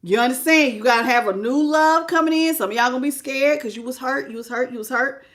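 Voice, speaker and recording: A middle-aged woman reading tarot on a live stream, animated and exclamatory, greeting her viewers by name. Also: high-pitched, quick pace. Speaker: tarot reader.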